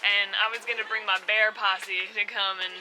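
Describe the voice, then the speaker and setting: A woman's voice: medium pitch, flat delivery, moderate pace, noisy background. A woman co-hosting a travel vlog, giving short, playful replies in casual chat. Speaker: travel vlogger. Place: outdoors on a motorbike trip.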